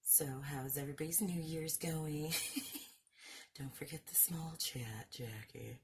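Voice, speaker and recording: A woman's voice: sits low, slow pace, darkish tone, a little hiss or hum. A woman hosting a craft video, chatting casually, mocking herself and laughing often as she works. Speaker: craft channel host. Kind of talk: casual craft-along chat.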